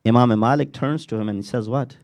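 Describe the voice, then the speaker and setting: A man giving a sermon, mixing English with recited Arabic verses and acting out quoted dialogue with sharp rises on questions. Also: mid-range voice, brisk, no room sound. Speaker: speaker at a Muharram majlis.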